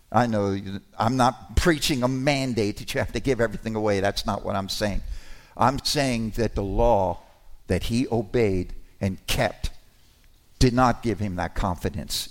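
A man preaching a sermon to his congregation, conversational and animated, with sudden emphatic rises. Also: mid-range voice.

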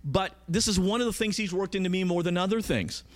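A man's voice: high-pitched, fairly quick. A man preaching a conversational sermon, emphatic and often asking his listeners questions.

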